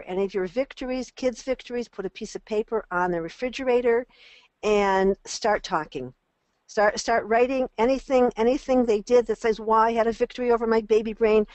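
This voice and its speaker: An older woman teaching an online parenting class, lively and animated, often acting out the voices of parents and children. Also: fairly high pitch, no echo. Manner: animated, acts out quoted voices.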